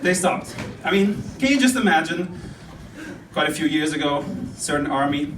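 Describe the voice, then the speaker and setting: A young male comic works a club stage, rambling in a talkative way and laughing at what he says. His pitch is on the high side, his intonation lively, his pace normal. Recorded from afar in a roomy club, with audience noise.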